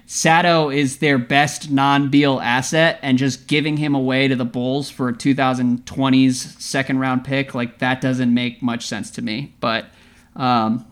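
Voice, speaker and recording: A man's voice: mid-range voice, little pitch movement, unhurried, smooth. A man co-hosting a sports podcast, rambling and self-deprecating, laughing at himself. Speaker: podcast co-host. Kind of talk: casual sports chat.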